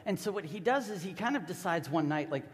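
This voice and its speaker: A man's voice: sits high, animated, fast talker, big-room sound. A man preaching a sermon as a pastor, telling the story casually and with animation.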